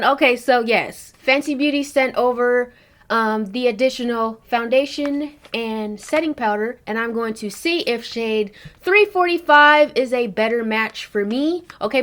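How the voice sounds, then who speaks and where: A woman's voice: a little high, fairly bright tone. A woman beauty vlogger talking in a sassy, slangy, chatty way. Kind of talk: casual beauty vlog.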